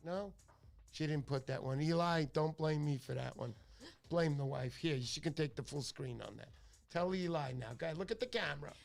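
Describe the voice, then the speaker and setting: A man's voice: a little high, normal speed, creaky. Chatty New man hosting a stream. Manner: chatty, excitable, thanks viewers by name. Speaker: livestream host. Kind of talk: casual fishing chat.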